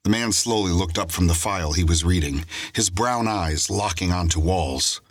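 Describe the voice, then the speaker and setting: A man reads a crime story aloud in steady, scripted audiobook narration. His voice sits very low with a husky grain. The sound is dry and close. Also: normal speed, no room sound.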